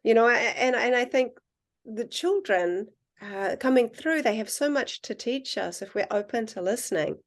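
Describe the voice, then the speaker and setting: Woman guest telling lively anecdotes. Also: fairly high pitch, moderate pace. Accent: non-American accent, self-described. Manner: animated storyteller, acts out quoted dialogue. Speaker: guest, water researcher. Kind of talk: casual conversation.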